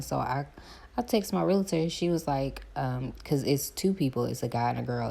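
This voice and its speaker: A woman, chatting casually to her viewers while doing her hair, animated as she retells her calls. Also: extremely low pitch, fairly quick, gravelly. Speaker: vlogger.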